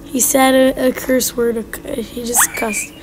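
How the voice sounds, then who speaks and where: A woman hosting a casual gameplay chat, excitable and jumpy, giggling and teasing her teammate. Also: a little high, measured pace, noisy background. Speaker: gaming channel host.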